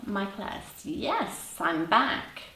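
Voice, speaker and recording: A woman's voice: medium pitch, sing-song, extremely slow, sharp tone. A woman in her fifties hosting a casual livestream, chatting and teasing viewers in the chat. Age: 50s. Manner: chatty, teasing, laughs often. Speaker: livestream host reading chat. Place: home room. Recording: roomy sound, voice a bit far from the mic.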